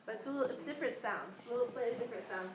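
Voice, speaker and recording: A woman with a fairly high voice leads a small class and explains things conversationally. She patiently demonstrates each sound and repeats it. The recording is roomy and echoey, with a faint hiss underneath. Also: very fast. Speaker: Sanskrit pronunciation teacher. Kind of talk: informal class instruction. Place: room with students present. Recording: echoey room with faint background noise.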